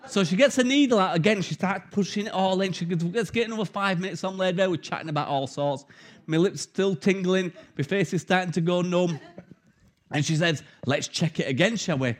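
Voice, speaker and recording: Middle-aged male preacher, lively conversational sermon, slightly higher voice. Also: brisk. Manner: animated storytelling, conversational. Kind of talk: sermon with personal story.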